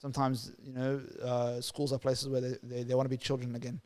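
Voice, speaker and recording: A man talks quickly and earnestly as a podcast guest, repeating words and filling gaps as he goes. His pitch stays fairly level and even, in a middle range for a man. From Somalia, raised in Australia. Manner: fast, earnest, full of repeated words and "you know" fillers. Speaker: guest, youth worker and poet. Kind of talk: casual podcast interview.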